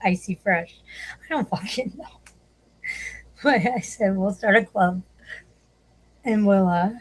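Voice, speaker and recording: A woman's voice: medium pitch, takes it slowly, low-quality recording. Profane chatty woman streamer. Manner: profane, chatty, laughs often. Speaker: livestream host. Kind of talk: casual livestream chat.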